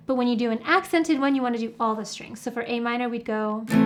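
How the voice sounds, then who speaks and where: Woman guitar teacher, high bright-sounding voice, patient step-by-step explainer, guitar strums under her speech. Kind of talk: guitar tutorial with playing and singing. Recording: guitar playing heard under the voice.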